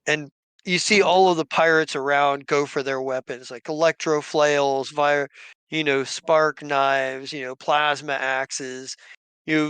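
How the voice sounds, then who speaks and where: A man's voice: medium pitch, a bit bright, clear, resonant tone, dry recording. A man narrating as game master of a tabletop game, rambling with many restarts.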